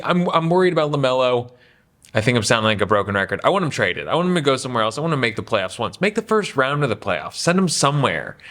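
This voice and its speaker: Young male sports YouTuber, rambling opinion talk, very animated delivery. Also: mid-range voice. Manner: animated, rambling, self-deprecating asides. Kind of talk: casual opinion monologue.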